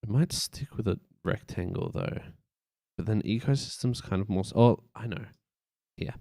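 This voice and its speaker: Low-voiced man thinking aloud while designing. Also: normal speed, gravelly, warm tone, no echo, studio quality. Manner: thinks aloud, loose and rambling, with playful sound effects. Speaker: streamer building a website. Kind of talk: casual live-stream commentary while working.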